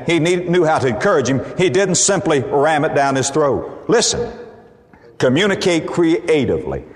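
A man preaching a sermon to his congregation, speaking emphatically and rising to excited peaks on his key points. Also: fairly high pitch. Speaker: pastor. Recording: long reverb of a large hall.

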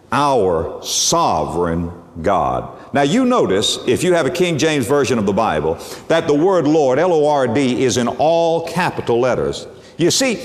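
A man preaching a sermon, dropping to hushed low tones and rising for emphasis. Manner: lively, dramatic swings from soft low tones to high emphasis. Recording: echoey hall reverb.

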